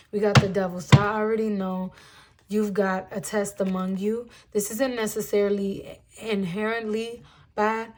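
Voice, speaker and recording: A woman's voice: mid-range voice, darkish tone. A young woman giving a channeled tarot reading to her viewers, speaking earnestly and emphatically and drawing out her words. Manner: earnest, emphatic, drawn-out spiritual talk; addresses viewers as "guys". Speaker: tarot reader.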